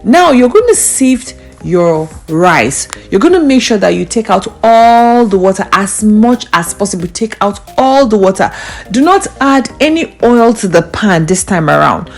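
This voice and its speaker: A woman's voice: medium pitch, very animated, unhurried, faint music behind. Emphatic woman sharing a recipe. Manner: emphatic, repeats key points, playful asides. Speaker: cooking vlogger. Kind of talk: recipe walkthrough.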